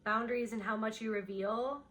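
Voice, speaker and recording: Female tarot reader, fairly high voice, loose and intuitive delivery that follows impressions as they surface. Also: steady tone, a little fast, fairly bright tone. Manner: meandering and intuitive, voicing impressions as they come. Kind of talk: unscripted pick-a-card reading.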